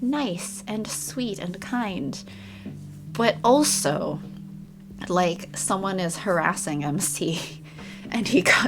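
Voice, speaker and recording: A woman's voice: medium pitch, lively intonation, slow pace. A woman co-hosting a game stream, rambling in casual chat, swearing and laughing. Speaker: streamer, co-host. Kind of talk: casual let's-play chat. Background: game music.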